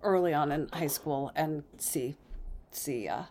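A woman's voice: low-pitched, expressive, measured pace, warm tone. A woman co-hosting a radio show, chatting loosely with many fillers. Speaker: radio co-host. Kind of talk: casual radio chat.

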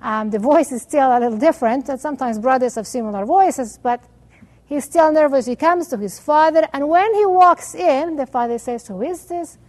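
A woman teaching religion through an animated story, with Hebrew terms woven in. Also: high-pitched, normal speed. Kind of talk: storytelling lesson.

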